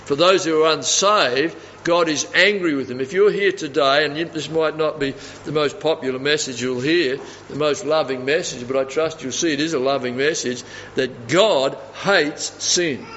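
A man's voice: a little high, a bit bright, a little hiss or hum. A man preaching a sermon, emphatic and fond of repeating phrases for stress. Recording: dull audio with long reverb in a hall.

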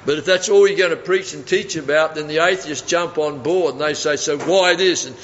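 A man's voice: a little high, a little fast, fairly bright tone, slight background noise. A man preaching a sermon, emphatic and fond of repeating phrases for stress. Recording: dull audio with long reverb in a hall.

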